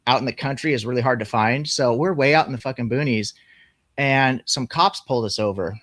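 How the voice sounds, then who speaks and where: A man telling a personal story in casual, profane conversation, animated as he goes. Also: medium pitch, brisk, no room sound, clean studio sound.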